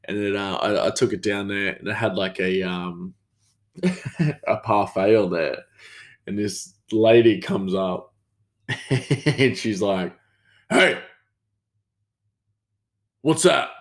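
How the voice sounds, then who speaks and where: An Australian chef telling rambling stories in a casual monologue, with many fillers and frequent chuckles, a bit tired. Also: male voice, on the low side, steady tone, unhurried. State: tired, yawning.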